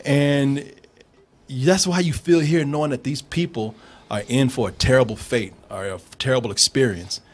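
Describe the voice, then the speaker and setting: A man hosting a casual movie review, animated and profane, laughing often and slipping into impressions. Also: medium pitch, normal speed, slightly rough.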